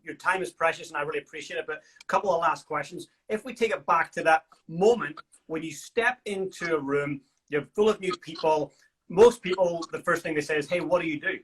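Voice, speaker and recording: Husky-voiced enthusiastic Irish host. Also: male voice, fairly high pitch, a little fast, fairly bright tone, rough recording. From Ireland. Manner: enthusiastic, appreciative. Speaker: podcast host and coach. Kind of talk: interview questions.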